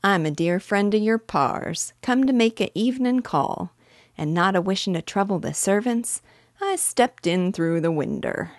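A coarse, uneducated burglar from a storybook, put on by a woman reading aloud. He drags out his vulgar exclamations slowly and a touch louder, and the recording is close and dry. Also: medium pitch, lively intonation, no room sound, pitched above the performer's own voice. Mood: laughing. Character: rough uneducated male burglar, amused.

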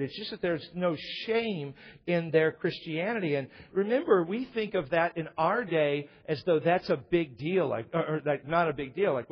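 A man's voice: a little high, breathy edge. A male preacher delivering a sermon in a church, mixing sarcastic storytelling with earnest Bible teaching. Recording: muffled lo-fi sermon recording.

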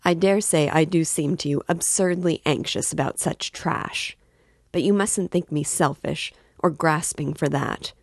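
A woman's voice: sits low, a little slow, dry recording. A woman reading aloud voices a tense, defensive young male student who covers his nerves. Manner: guarded, feigning irritability.

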